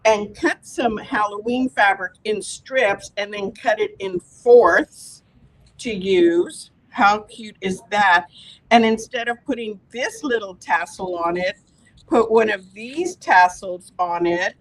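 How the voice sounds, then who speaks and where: A woman's voice: medium pitch, slow pace, no echo, low-quality recording. A woman hosting a live fabric store product demo, chatty and gushing.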